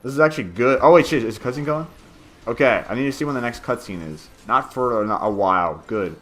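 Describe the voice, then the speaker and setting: A man's voice: medium pitch, brisk, fairly bright tone, soft background music. A man talking through a game walkthrough in a rambling, chatty way, swearing casually as he goes. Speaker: gameplay commentator.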